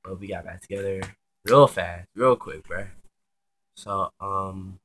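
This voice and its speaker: Young male vlogger, casual storyteller, lower register with a bright forceful edge, slangy and profane. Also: takes it slowly. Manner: chatty and slangy, swears freely, many fillers. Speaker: vlogger telling a personal story.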